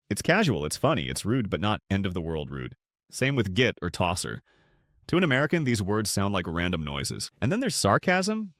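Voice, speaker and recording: A man narrates an explainer video in a wry, playful way, his fairly low voice swinging widely up and down. The sound is dry and close. He keeps his jokes short and punchy. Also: no room sound. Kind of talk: scripted comedic narration.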